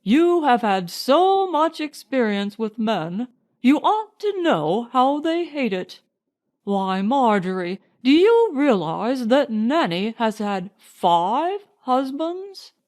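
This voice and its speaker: A woman's voice: fairly high pitch, big pitch swings, slow pace, a little mellow. A woman reading an audiobook voices a playful young army captain with a British accent, mock-formal and joking. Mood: teasing.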